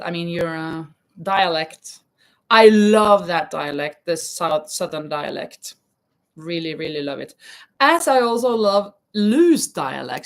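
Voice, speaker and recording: A woman hosting a casual live stream, chatting while she crochets, reading viewer comments aloud and laughing often. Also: fairly low pitch. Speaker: livestream host. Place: home in Spain.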